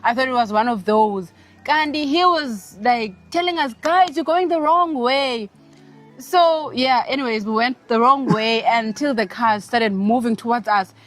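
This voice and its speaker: A young South African woman chatting with her husband, expressive and quick to laugh, mixing English with Xhosa. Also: on the high side, faint music behind. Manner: expressive, laughs often, code-switches into Xhosa. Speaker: co-host, wife. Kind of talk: casual chat.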